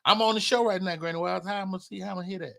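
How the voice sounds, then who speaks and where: A man's voice: high voice, fairly even intonation, racing, creaky, fairly bright tone. A man hosting a live talk show, arguing in emphatic, profane, casual comedic debate. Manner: emphatic, profane, stammering restarts. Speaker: podcast host.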